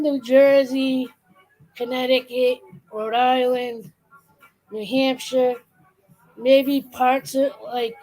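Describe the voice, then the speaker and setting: A woman with a Boston accent talks in a loose, rambling way, breaking into quick accent imitations. Her voice sits a little high. It is a relaxed, casual chat. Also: low-quality recording. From Boston area, Massachusetts. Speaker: streamer, co-host.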